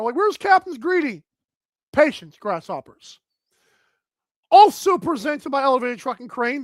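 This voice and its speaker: A man hosting a live sports betting talk show, energetic and outspoken as he runs through his picks. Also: very high voice, dry recording. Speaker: host.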